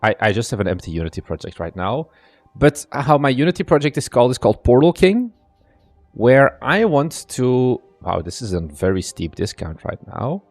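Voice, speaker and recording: A man's voice: mid-range voice, sing-song, moderate pace, darkish tone, dry recording, soft background music. A young man from Belgium with a strained, partly lost voice, chatting casually on a live stream as a game developer, greeting viewers by name and rambling.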